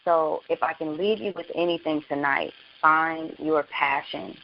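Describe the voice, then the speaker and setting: A woman's voice: deep voice, unhurried. An earnest woman speaking with real passion as a guest on an internet radio show. Her words carry a preacher-like conviction. The line sounds dull and lo-fi, with a faint hiss running underneath. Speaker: author and guest.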